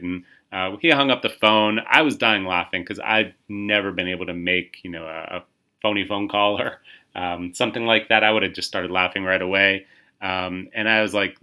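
A middle-aged man hosting a podcast, telling a funny workplace story in a loose, chatty way with lots of fillers and restarts, and jumping up in pitch when he acts out what others said. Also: normal speed, clear, resonant tone. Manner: retells a story, acting out quoted voices with lively pitch jumps; frequent fillers and repeated starts. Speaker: podcast host. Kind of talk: casual storytelling.

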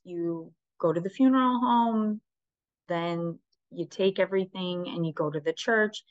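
A woman recounts a personal story in a candid, chatty way, slipping into her own remembered thoughts as she goes. Her voice sits a little low. The recording is dry and slightly muffled. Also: no echo. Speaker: vlogger telling a personal story. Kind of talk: casual storytelling.

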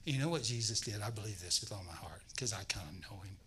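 Male guest preacher, sermon, bright tone, animated storyteller. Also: lowish voice, fast talker, a little hiss or hum, poor audio. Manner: animated storytelling, acting out voices.

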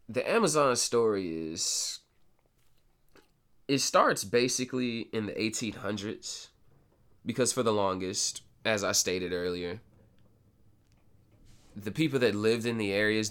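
A man with a somewhat low voice talks through history on a casual podcast. He corrects himself often and slips in dry, sarcastic asides. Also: a little slow, long pauses, fairly bright tone, clean tone. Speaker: podcast host. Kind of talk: casual educational podcast talk.

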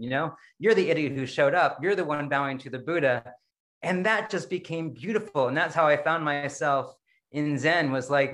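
A middle-aged man giving a casual, rambling dharma talk over a video call, self-deprecating and quick to laugh at himself. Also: a little high, a bit bright. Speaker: Zen practice leader giving a dharma talk.

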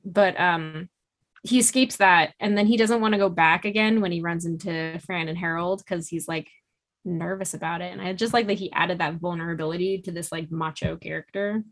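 A woman's voice: lowish voice, fairly even intonation, normal speed. A woman co-hosting a book podcast, chatting casually and rambling a little. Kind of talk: casual chat.

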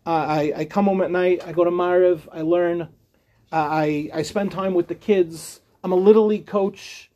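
A man's voice: high-pitched, steady tone, moderate pace, mellow, lo-fi sound, close to an everyday voice. A man quoting a frustrated husband who complains to a rabbi and lists his chores in exasperation. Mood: exasperated.

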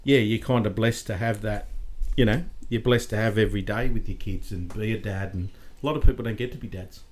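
A man's voice: fairly low pitch, fairly even intonation, brisk, a little hiss or hum. An Australian man in his forties, a podcast guest, telling stories in casual, bantering chat. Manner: bantering storyteller, says mate a lot.

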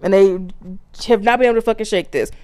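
A woman's voice: mid-range voice, quick pace, clear, resonant tone, dry recording. Blunt, profane woman podcaster. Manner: profane, animated, laughs often. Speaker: podcast host. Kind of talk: solo podcast rant.

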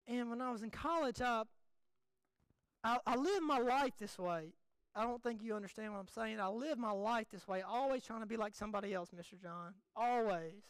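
A young man, a pastor preaching a folksy, animated, self-deprecating sermon. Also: high-pitched, clean tone, no room sound, rough recording.

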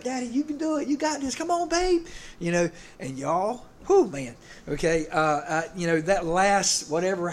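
Middle-aged pastor, loose and rambling sermon delivery, lots of fillers, fairly high pitch, light hiss underneath. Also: male voice. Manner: rambling, halting, full of fillers and restarts. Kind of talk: casual sermon.

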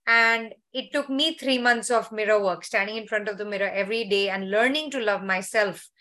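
A woman hosting a healing call, chatting and then guiding a gentle meditation in a soft, slow, soothing voice over a video call. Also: mid-range voice. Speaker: healer hosting a summit call. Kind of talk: guided meditation and conversation.

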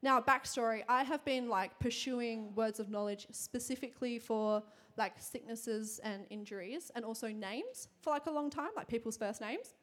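A woman's voice: a little high, fairly bright tone. Chatty young woman preaching with laughter. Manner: chatty, fast, laughing often, many fillers. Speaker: church speaker. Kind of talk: sermon with personal story.

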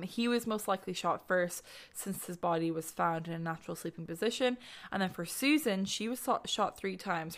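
A woman's voice: fairly low pitch, a bit bright. A young woman hosting a podcast, telling true-crime stories in a chatty, rambling way, swearing and using lots of fillers. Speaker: podcast host. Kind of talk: casual true-crime storytelling.

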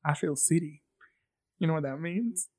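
A man's voice: on the high side, slightly rough. Playful man in casual banter. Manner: playful, drawn-out jokey delivery. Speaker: podcast co-host. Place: standing in a room.

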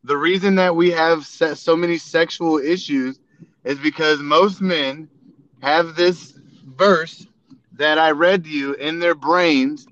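Slow-talking man, dull lo-fi sound. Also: fairly high pitch, a bit bright. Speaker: podcast co-host. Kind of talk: casual chat.

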